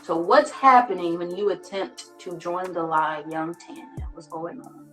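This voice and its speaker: A woman's voice: on the low side, unhurried, fairly bright tone. A woman hosting a casual live stream, slangy, playful and coaxing. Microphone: phone. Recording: echoey room with faint music.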